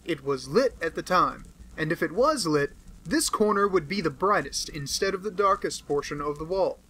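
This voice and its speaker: A self-satisfied police detective crows over his find, pompous and triumphant, as a man puts him on for an audiobook. The voice sits high and rings bright and tense. He lectures his listeners as though sure of his own cleverness. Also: animated, moderate pace, poor audio. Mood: boastful. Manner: boastful and triumphant. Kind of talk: audiobook character voice.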